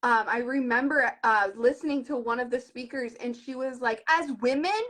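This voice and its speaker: Woman, 30s, high voice, sales team leader; earnest, animated storyteller. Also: moderate pace. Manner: earnest and animated, retells conversations in lively voices. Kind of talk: live video conversation.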